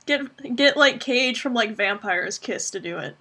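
A young woman co-hosting a casual chat, animated and laughing often as she acts out her own reactions. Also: a little high, measured pace, husky. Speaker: podcast co-host.

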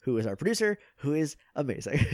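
A talkative man on a podcast, his voice sitting a touch high. He rattles through his projects with quick asides and laughs. The recording is close and dry, with no room sound. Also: very animated, a little mellow, dry recording. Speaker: podcast guest. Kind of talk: casual podcast chat.

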